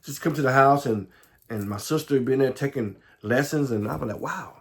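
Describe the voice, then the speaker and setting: A middle-aged man with a Southern American accent, telling his life story in a halting way, with many repeats and restarts, sometimes dropping to a low murmur. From Southern United States. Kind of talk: personal life story monologue.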